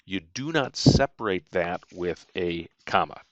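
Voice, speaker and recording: A man's voice: low voice, animated, measured pace, no room sound, dull audio. A man teaching punctuation in a recorded lecture, reading out example sentences along with their punctuation marks and stressing the rules. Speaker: writing instructor.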